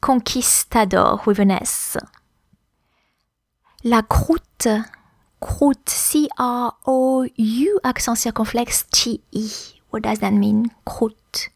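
A woman's voice: a little high, fairly even intonation, slow, gravelly, few pauses, no room sound, clean studio sound. A woman with a French accent hosting a podcast language lesson, explaining words carefully and spelling them out letter by letter. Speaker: French teacher, podcast host.

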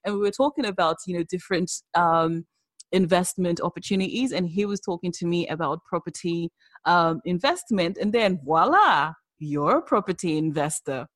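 A woman's voice: on the low side, animated, moderate pace, no room sound. A woman hosting a podcast interview, chatty and talkative, filling her talk with "you know" and "right". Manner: chatty, talkative, lots of fillers. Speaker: podcast host. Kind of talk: casual conversational interview. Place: virtual cafe podcast.

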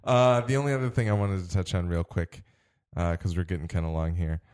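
A man's voice: low voice, steady tone, a little fast, darkish tone, smooth. A man co-hosting a casual movie discussion, earnestly picking at the science details.

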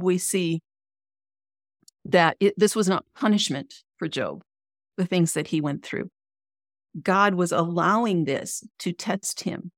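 A middle-aged woman, an author and coach appearing as an interview guest, shares an earnest, emotional personal faith testimony. Her voice is on the low side, captured in clean studio sound with no echo.

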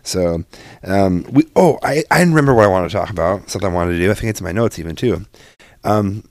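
Laid-back low-voiced man telling stories. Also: animated, fast, dry recording. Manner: rambling storyteller, laughs often, swears casually. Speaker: podcast co-host. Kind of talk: casual chat.

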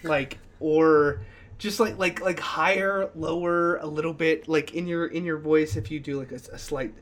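Excitable man with a higher voice. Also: moderate pace. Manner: animated, excitable, many restarts and "like" fillers. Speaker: podcast co-host. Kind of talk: casual chat.

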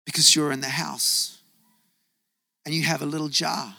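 A man's voice: a little high, little pitch movement, moderate pace, vocal fry, bright, forceful tone. A man preaching a sermon, telling a personal story and rising to emphatic bursts. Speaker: pastor.

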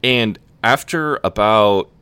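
Young man, very low voice, loose storyteller, swears freely, dry close mic. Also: takes it slowly, pushed and bright, smooth, no room sound. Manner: laid-back, swears often, lots of "like" fillers. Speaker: podcast co-host. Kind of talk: casual chat, storytelling.

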